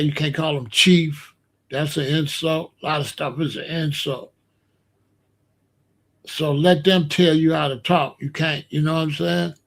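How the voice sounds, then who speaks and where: Slangy man telling a casual story. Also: on the high side. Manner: animated, slangy, explains with gestures. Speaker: podcast host.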